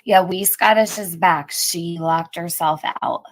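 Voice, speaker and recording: A woman's voice: on the low side, unhurried. A woman hosting a live stream, chatting casually with viewers and reading out their comments, laughing often.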